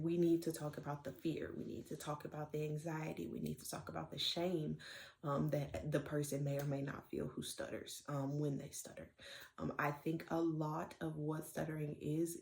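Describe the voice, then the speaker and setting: A woman's voice: sits low, vocal fry, a little mellow. A young woman studying to be a therapist, giving an earnest spoken reflection on a book, with many fillers. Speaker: student clinician.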